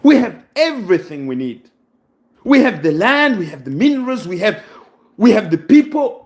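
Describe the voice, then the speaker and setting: A Congolese man who hosts a channel delivers an impassioned, preaching monologue packed with rhetorical questions, emotional enough that he sounds close to tears. His voice is high-pitched with big swings in pitch, and he speaks at a moderate pace.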